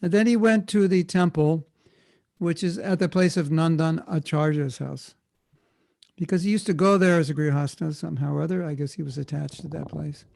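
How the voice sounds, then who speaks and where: A man's voice: on the high side, steady tone, moderate pace, gravelly, a little mellow, dry recording. A man speaking as a guest at a temple, answering a question with informal storytelling and frequent self-corrections. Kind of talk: conversational spiritual talk answering a question.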